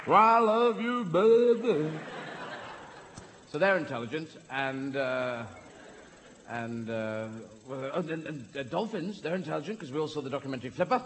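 A man's voice: medium pitch, a little fast. Playful rambling male stand-up comic. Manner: rambling, playful, self-interrupting. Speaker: stand-up comedian. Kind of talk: stand-up comedy routine. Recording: live hall with audience noise.

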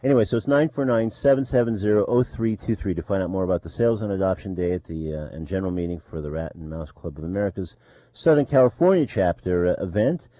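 A man with a fairly low voice hosts a radio show from a studio, talking casually and haltingly with plenty of uh and um. The sound is dry, with a slightly dull tone. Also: lively intonation, mellow, no echo. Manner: halting, full of uh and um fillers.

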